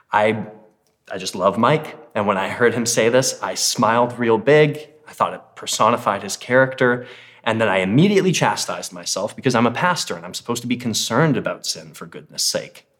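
A man's voice: fairly low pitch, expressive, moderate pace, a bit bright. A man who is a pastor, preaching a sermon in a casual, conversational way and reading scripture with emphasis.

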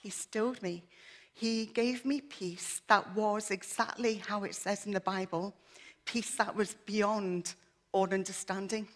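A woman's voice: mid-range voice, fairly even intonation, measured pace. A woman giving an earnest, emotional personal testimony in church, her voice shaky at times. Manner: earnest, emotional, with many fillers.

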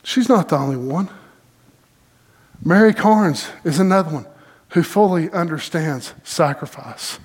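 A middle-aged man preaches a sermon, telling stories in a folksy, animated way. His voice sits a little high, and he leans on dramatic pauses. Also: slightly rough. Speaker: pastor. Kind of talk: sermon storytelling.

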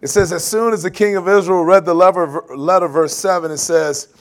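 A man preaching a sermon, animated, laughing often and acting out quoted voices. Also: high voice, brisk. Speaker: pastor.

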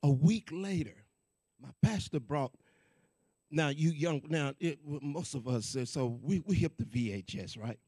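A male preacher tells his story in an animated, conversational way and keeps repeating his key lines. His voice sits high for a man, with a gravelly, husky texture. The sound is close and dry. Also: a little slow, no room sound. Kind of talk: sermon testimony storytelling.

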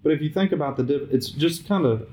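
A man leading a small group Bible study, reading scripture aloud and commenting in a conversational, halting way with frequent restarts. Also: on the high side. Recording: noisy amateur recording with clicks.

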